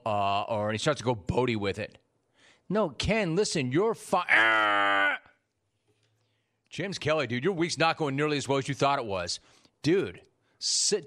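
A male radio host with a mid-range voice, talking fast and loose on a call-in show. He teases his producer with mock exasperation and keeps the banter rolling. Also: mid-range voice, sing-song, sharp tone.

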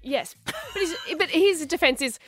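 A woman's voice: very high voice, moderate pace, a bit bright, soft background music. A woman co-hosting a radio show, bantering playfully and telling stories with giggles. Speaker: radio co-host. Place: radio studio.

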